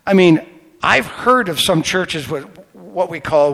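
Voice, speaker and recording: A male pastor preaching a sermon, telling stories animatedly and swinging from quiet asides to loud outbursts. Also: sits high, moderate pace, in a large hall.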